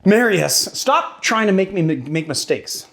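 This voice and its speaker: A man's voice: high voice, very animated, a little slow, fairly bright tone. A man hosting a cocktail show, chatting casually and joking while he mixes and tastes a drink. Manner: casual and joking, with fillers and curses. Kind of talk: casual cocktail demo and tasting.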